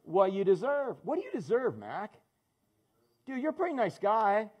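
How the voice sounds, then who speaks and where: A man's voice: high-pitched, sing-song, normal speed, a little mellow, breathy edge. A man preaching a sermon as pastor, conversational and joking, calling on people in the congregation by name. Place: church in front of a congregation.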